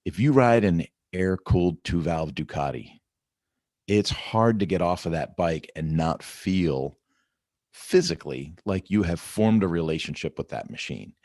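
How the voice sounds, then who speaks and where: A man's voice: low-pitched, lively intonation, measured pace, a little mellow, no room sound, studio quality. A middle-aged man hosting a casual morning check-in vlog, talking in an upbeat, rambling way with lots of "right?" and "you know.". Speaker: vlog host.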